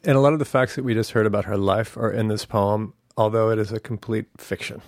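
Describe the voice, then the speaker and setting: A man hosting a podcast, introducing and commenting on recordings in a calm, measured way. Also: lowish voice, no room sound, clean studio sound. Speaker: host.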